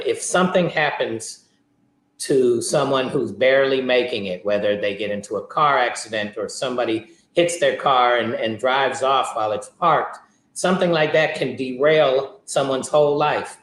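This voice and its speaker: A man's voice: medium pitch, a little slow. A man speaks as a guest in a casual discussion, in an ordinary mid-range voice. He reflects as he goes and builds his point step by step. His voice carries the echo of a roomy space. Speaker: podcast guest.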